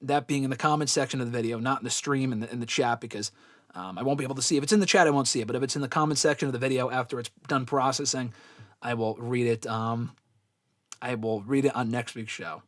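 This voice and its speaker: On a live-stream wrestling Q&A, this male host fields fan questions and reads out chat comments in a relaxed, giggly, easygoing manner. His medium-pitched voice is fairly bright with fairly even intonation, and he talks fast. The recording is dry and studio quality.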